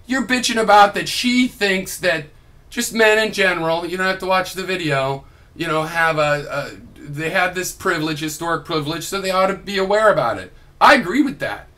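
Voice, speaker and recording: A young man with a slightly high, bright, forward voice delivers a combative vlog rant. He swears freely and drips sarcasm, arguing fast and hard into a desk mic. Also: lively intonation. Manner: combative, profane, sarcastic ranting. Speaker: video blogger. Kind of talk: heated reply vlog.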